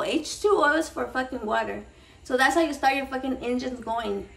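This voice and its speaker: A woman in her thirties with a high voice, rambling excitably to her viewers and swearing freely. She slips Spanish slang into her English and sounds a bit shaky. She sits a step back from the mic. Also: brisk, creaky, recorded from a distance, poor audio. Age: 30s. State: a little shaky and nervous. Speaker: cooking vlog host. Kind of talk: casual rambling chat to camera.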